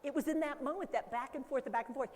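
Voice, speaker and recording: Animated woman speaking in a reverberant hall. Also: high-pitched, fast talker, slight background noise. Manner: animated, acts out baby talk and caregiver voices. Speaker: dementia care educator. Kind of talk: conference talk. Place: conference hall.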